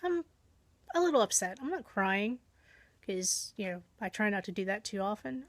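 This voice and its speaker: A woman's voice: mid-range voice, big pitch swings, normal speed, no room sound. A woman vlogger casually telling a long everyday story, chatty and self-deprecating, acting out her own thoughts as she goes.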